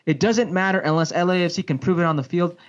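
A man, a sports broadcaster and former pro soccer player, telling a story in a casual podcast chat, with big pitch swings and frequent restarts. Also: quick pace. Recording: dull lo-fi podcast audio.

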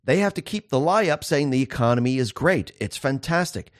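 A man speaks in a solo political commentary show, and his voice swings widely up and down as he makes his case. He keeps asking his listeners rhetorical questions and repeats key words for emphasis. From time to time he slows down to read passages aloud. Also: mid-range voice, expressive. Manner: reads quoted passages aloud.

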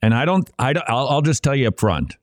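A man's voice: mid-range voice, very animated, fairly quick, no echo, clean studio sound. A man co-hosting a conversational religious commentary show, speaking in an emphatic, rhetorical, preacherly way. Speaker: co-host.

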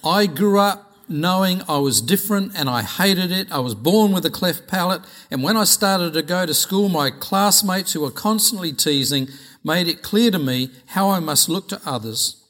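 A man preaching a sermon with personal testimony, earnest and measured, often repeating phrases. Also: high-pitched, lively intonation, a bit bright.

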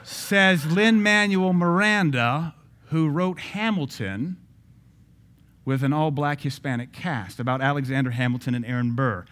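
A man's voice: medium pitch, moderate pace. A man with an ordinary mid-range voice delivers social commentary from a Christian standpoint. He talks emphatically, stacking rhetorical questions and repeating phrases for effect.

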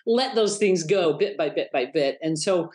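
Lively middle-aged woman telling stories. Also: moderate pace. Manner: animated, acts out quoted voices in a high pitch. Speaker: guest author and speaker. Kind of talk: storytelling interview talk.

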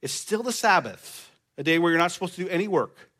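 Slightly high-voiced man preaching a sermon. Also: lively intonation, brisk, fairly bright tone. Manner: conversational with joking asides to the congregation. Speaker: pastor.

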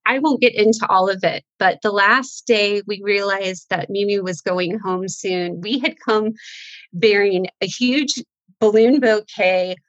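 Middle-aged woman, guest storyteller, heartfelt and candid, medium pitch, close dry sound, slightly dull lo-fi. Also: measured pace, no room sound. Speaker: guest author. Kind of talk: emotional faith conversation.

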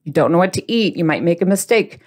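A woman's voice: lowish voice, lively intonation, fast, a little mellow. A woman hosting a diet video series. She talks in a casual, motivational way, playful and chatty, and speaks straight to the viewer.

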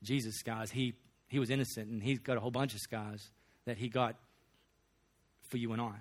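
Aussie bloke preaching, jokey and slangy, ordinary mid voice. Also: male voice, mid-range voice, steady tone, moderate pace. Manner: folksy, joking, slangy delivery. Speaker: pastor. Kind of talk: sermon.

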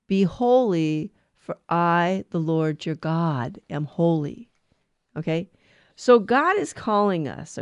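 A woman's voice: medium pitch, dry recording. Woman giving a homily, dry sound. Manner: slow, deliberate reading, then conversational preaching with fillers. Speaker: preacher giving a reflection on scripture. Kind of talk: scripture reading and homily.

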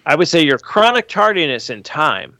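A man's voice: fairly high pitch, normal speed, no echo. A man hosting a long-running podcast, telling stories and acting out what people said. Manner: animated storyteller who acts out quotes. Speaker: podcast co-host. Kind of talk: casual chat.

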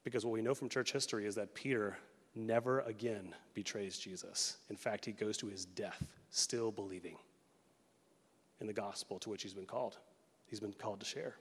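A man in his thirties preaching a sermon as pastor, casual and animated, slipping into quick acted quotes. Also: lowish voice, husky. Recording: long reverb of a large hall.

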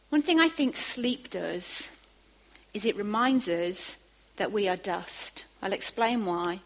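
Woman preacher, sermon, animated, emphatic bursts. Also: mid-range voice, slow, poor audio.

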